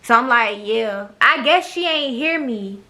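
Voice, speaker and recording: Her voice runs on the high side, bright and forceful, with lively intonation and a measured pace. The young woman is a vlogger delivering a casual, blunt, profane storytime to camera, sassy and mimicking the people involved.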